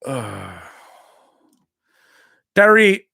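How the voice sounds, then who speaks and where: A man hosting a late-night tech livestream from his house, loose and rambling after a few drinks. He laughs often and drifts off-topic while reading the chat. His voice sits slightly high and sounds close and dry. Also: a little fast, no room sound. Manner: laughs often, slips into movie impressions. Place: his own home.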